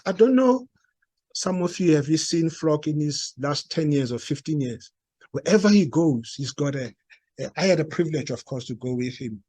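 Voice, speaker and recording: A man with a South African accent telling a story to a live audience, halting and restarting, and acting out the quoted dialogue. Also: on the high side, expressive, mellow, no room sound. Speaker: speaker at a talk. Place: meeting room.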